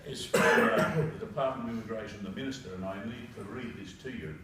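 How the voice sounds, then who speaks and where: A man's voice: on the low side, a little fast, a bit bright, a little hiss or hum. A man presiding over a citizenship ceremony, giving a formal speech and reading with frequent hesitations. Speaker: council presiding officer. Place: council meeting room. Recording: echoey council chamber from far off.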